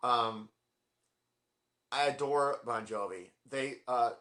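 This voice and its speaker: Man, forties, bright forceful voice, rambling and gushing, apologetic asides: collection vlogger. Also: mid-range voice, takes it slowly. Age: 40s. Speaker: vlogger ranking his album collection. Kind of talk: casual collection vlog.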